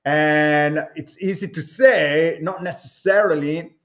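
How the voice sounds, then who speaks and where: A man being interviewed as an author, answering in a measured way with pauses and fillers, on dull lo-fi remote audio. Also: fairly high pitch, fairly bright tone.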